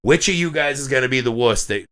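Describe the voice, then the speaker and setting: A podcast co-host chats casually, spinning animated stories and swearing freely. His voice sits in the mid range and he talks fast.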